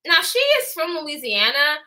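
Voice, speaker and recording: Lively, bright-voiced young woman vlogger. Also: sits high, unhurried. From Houston, Texas. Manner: animated, expressive storytelling with mimicry. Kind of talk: storytime gossip vlog.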